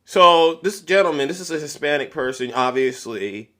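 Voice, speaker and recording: A man's voice: on the high side, lively intonation, moderate pace, sharp tone. A man hosting a livestream, ranting and mocking in a preachy tone, laughing through his lines. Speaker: livestream host.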